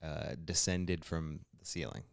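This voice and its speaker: A man co-hosting a comedy podcast with deadpan understatement, chuckling a lot. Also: extremely low pitch, unhurried, creaky, smooth, no echo, studio quality. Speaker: podcast co-host. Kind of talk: casual comedy banter.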